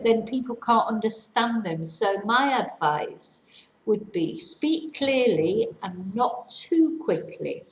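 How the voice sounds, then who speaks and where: A woman with an English accent, a language teacher giving tips in a slow, clear and deliberate way, her voice moving up and down. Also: medium pitch. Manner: slow, clear and deliberate, with lively ups and downs. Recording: echoey room.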